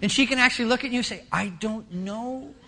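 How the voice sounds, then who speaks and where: A middle-aged male pastor preaching a sermon, telling stories and acting out voices in an animated way. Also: very high-pitched, brisk, slight background noise. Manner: animated storytelling with acted-out voices.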